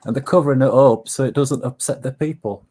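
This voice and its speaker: A man's voice: mid-range voice, a little fast, mellow, breathy edge. A man with an English accent talking bluntly in casual chat, ranting and teasing with "mate". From England.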